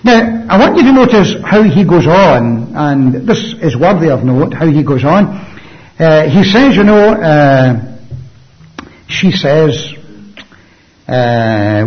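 A man preaching a sermon emphatically, with rhetorical questions and swings between loud and hushed delivery. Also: a little high, big pitch swings, a little slow. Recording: dull lo-fi sound.

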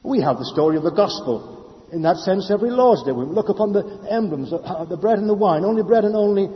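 A man preaching a sermon, swinging between loud declarations and hushed speech. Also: high voice, lively intonation, brisk. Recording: lo-fi with long hall reverb.

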